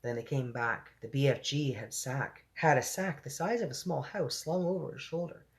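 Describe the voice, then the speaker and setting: A woman's voice: rumbling low, normal speed. A woman reading a children's book aloud, breaking off for chatty asides and laughing at her own slips. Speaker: storyteller.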